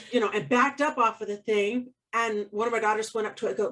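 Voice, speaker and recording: A woman's voice: fairly high pitch, brisk, distant mic. A woman co-hosting a casual chat, telling a personal story animatedly, laughing often and acting out what people said. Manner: animated, laughs often, acts out quoted voices. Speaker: co-host.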